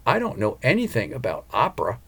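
A man's voice: medium pitch, wildly swooping pitch, quick pace, creaky, breathy edge, full character voice. A man voicing a curious, skeptical woman who keeps asking questions in an audiobook. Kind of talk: audiobook character voice.

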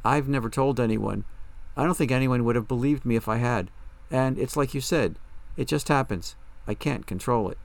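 A man's voice: medium pitch, moderate pace, creaky, dry recording, lightly acted. A man voicing a guilt-ridden, secretive mother in an audiobook, pleading and defensive. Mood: confessing.

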